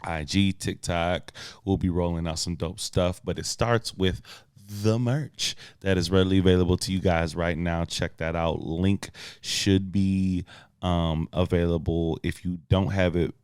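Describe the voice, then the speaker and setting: A man with a very low, smooth and resonant voice co-hosts a casual podcast, talking in a relaxed, slangy and playful way. The sound is dry and close, with no room around it. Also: a little slow, dry recording. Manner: laid-back, slangy, playful. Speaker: podcast co-host.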